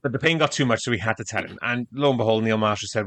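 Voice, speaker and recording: A man's voice: medium pitch, expressive, fast talker, pushed and bright, no echo. Man, rambling podcast co-host. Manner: rambling, hesitant, full of fillers and asides. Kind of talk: casual film discussion.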